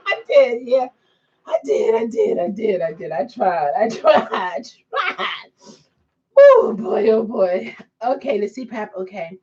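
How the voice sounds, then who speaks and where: Woman vlogger laughing through slow chat. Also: on the high side, very animated, a little mellow, lo-fi sound. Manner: laughs often, giggling fits, slow and drawn-out. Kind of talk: casual chat to camera.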